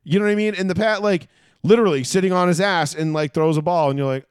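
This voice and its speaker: A man ranting in casual sports chat as a podcast co-host, profane and animated. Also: high-pitched, quick pace, clear, resonant tone, no echo, clean studio sound.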